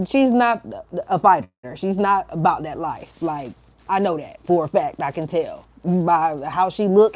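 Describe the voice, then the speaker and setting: A woman vlogging about faith, retelling a recent phone call in a chatty, animated way, full of slang and stammers. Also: medium pitch, no echo. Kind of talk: casual spiritual vlog storytelling. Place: home, indoors.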